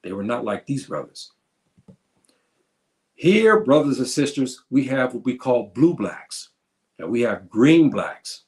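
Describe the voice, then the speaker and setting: A man's voice: medium pitch, very animated, darkish tone. A man giving an informal history lecture, calling his listeners brothers and sisters and often restarting his phrases. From United States. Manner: addresses listeners as brothers and sisters, halting with repeats. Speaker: history presenter.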